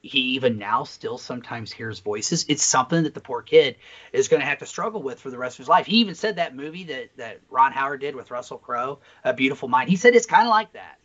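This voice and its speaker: A man co-hosting a casual podcast, talking bluntly and swearing a lot as he tells a story with animated energy. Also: mid-range voice, brisk. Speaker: podcast co-host. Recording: slightly dull lo-fi sound.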